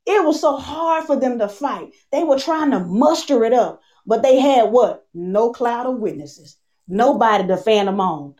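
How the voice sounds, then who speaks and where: Woman preaching with high voice. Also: a little mellow, muffled recording. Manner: call-and-response preaching, repeats phrases, slows for emphasis. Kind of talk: sermon.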